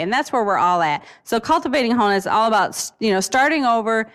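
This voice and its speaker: A woman's voice: on the high side, expressive, quick pace, hardly any pauses, fairly bright tone. A woman youth minister giving an earnest, casual conference talk, full of fillers and little laughs.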